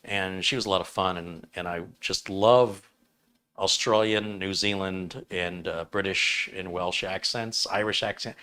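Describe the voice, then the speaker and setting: A man in his fifties hosts a casual livestream chat, rambling and making jokes at his own expense. His low-pitched voice is steady, unhurried, smooth, and pushed with a bright edge.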